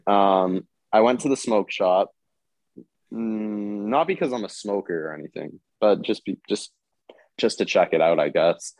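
A young man hosting a podcast, telling a story in a halting, animated way and swearing freely. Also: lowish voice, no echo. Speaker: podcast host. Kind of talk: casual chat, storytelling.

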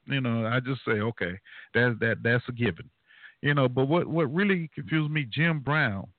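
A man's voice: medium pitch, no echo. A man hosting a call-in talk show who speaks earnestly and in loose phrases, sometimes laughing. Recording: dry tinny phone-quality line.

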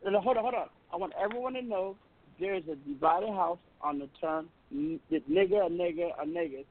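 Gravelly talk-show host man on phone line. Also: sits high, big pitch swings, a little fast, a little hiss or hum. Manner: interjecting, moderating. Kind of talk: radio talk-show hosting. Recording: tinny phone-line audio.

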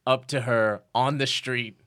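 A man improvising a comedy sketch, delivering lines in a dry, deadpan way. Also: medium pitch, unhurried, smooth.

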